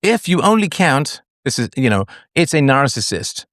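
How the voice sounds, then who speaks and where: A middle-aged man holds forth as host of a live call-in show, his pitch swinging widely as he acts out the people he quotes. The sound is close and dry, with no room around him. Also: normal speed, no echo. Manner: animated, acts out quoted voices, sings snatches. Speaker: podcast host. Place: online audio space.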